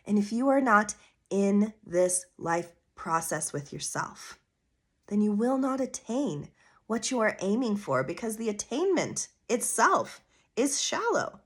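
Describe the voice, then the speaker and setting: A woman's voice: mid-range voice, sing-song, measured pace. A woman hosting her own astrology podcast, talking in an earnest, coaching way with casual asides and rhetorical questions. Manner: casual with fillers like "vibe" and "you know". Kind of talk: solo podcast monologue.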